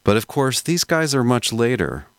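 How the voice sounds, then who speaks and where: A man hosting a podcast, explaining history in a measured, scholarly, conversational way. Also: mid-range voice, big pitch swings, no room sound, studio quality. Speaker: podcast host. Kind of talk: explanatory lecture-style podcast talk.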